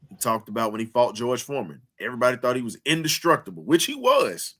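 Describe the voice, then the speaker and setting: Forceful man preaching sports talk. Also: mid-range voice, big pitch swings, fast. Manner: emphatic, preaching cadence; repeats phrases for emphasis. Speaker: sports show host.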